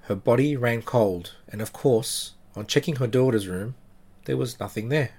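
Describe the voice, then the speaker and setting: A man hosting a podcast, narrating true creepy stories in a measured, dramatic way with slow pauses. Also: fairly low pitch, darkish tone. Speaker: podcast host.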